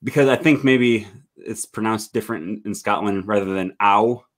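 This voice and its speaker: A man hosting a casual chat, relaxed and curious, with many fillers. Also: lowish voice, normal speed. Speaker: host. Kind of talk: casual video call chat.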